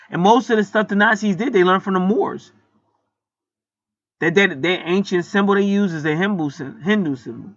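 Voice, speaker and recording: A man delivers a blunt, profane spiritual lecture that keeps climbing into heated rants. His voice sits fairly high and comes out sharp and forceful. The sound is dry and a little dull, with no room around it. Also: no echo. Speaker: online spiritual teacher. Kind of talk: profane preaching monologue.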